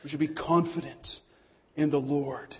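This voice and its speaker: A man preaching a sermon to his congregation in an earnest tone, slowing down on key phrases. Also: fairly high pitch, steady tone. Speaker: pastor. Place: church hall. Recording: muffled long hall echo.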